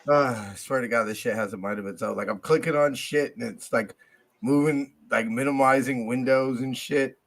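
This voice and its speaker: A man's voice: mid-range voice, normal speed, fairly bright tone. A man co-hosting a casual sports podcast, talking in loose slang with lots of swearing and fillers. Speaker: podcast co-host.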